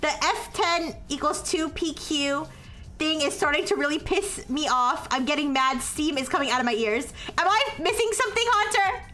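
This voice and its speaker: Woman streamer, high and bright, slow tutoring delivery, apologetic when corrected; faint music underneath. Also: fairly even intonation. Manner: explains step by step with frequent "okay?" and "all right?" checks; self-described as highly caffeinated. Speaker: streamer working through a math problem. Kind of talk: live-stream explaining math to chat.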